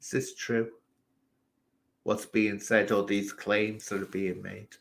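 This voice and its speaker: English guy on a live stream, ranting away at the chat, animated, answers viewers back. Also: fairly low pitch, slow pace, creaky, a little hiss or hum. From England. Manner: animated, ranting, talks straight to chat members.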